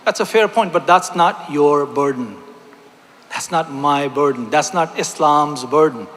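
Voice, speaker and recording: A man's voice: a little high, measured pace, a bit bright. Emphatic man speaking from a stage. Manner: emphatic, repeats phrases, asks the audience rhetorical questions. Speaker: speaker at a religious convention. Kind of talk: impassioned stage speech. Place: large hall on stage. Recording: long hall reverb.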